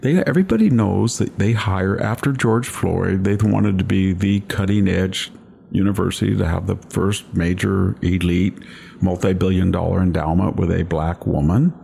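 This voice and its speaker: Gravelly, deep-voiced older man lecturing. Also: moderate pace, dark tone. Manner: emphatic, lecturing, with long anecdotes. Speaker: podcast host. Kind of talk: political commentary chat.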